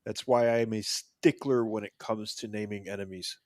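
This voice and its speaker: Co-host, male, lowish voice, wry, dry close sound. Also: steady tone, moderate pace, no room sound. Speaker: live stream co-host. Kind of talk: casual live stream chat.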